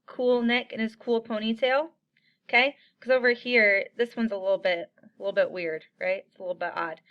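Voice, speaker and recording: A woman teaching coins to young children in an online lesson, upbeat and encouraging, chanting little rhymes slowly for them to repeat. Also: a little high, fairly even intonation, muffled recording.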